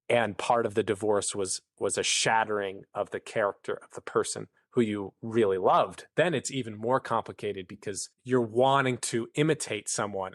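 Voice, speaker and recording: A man's voice: on the low side, no room sound, clean studio sound. A man, a podcast guest, explaining at length in an earnest conversational way, acting out the inner voices of the people he describes. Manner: long-winded, earnest, acts out inner voices.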